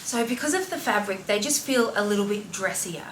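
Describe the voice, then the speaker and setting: Speaking fairly quickly and expressively, a thirty-something Australian mom and fashion vlogger opens up in a casual, heartfelt chat packed with fillers. Her voice sits at medium pitch with a slightly bright edge. Slight background noise mixes with roomy echo and faint ambience, and the mic is distant.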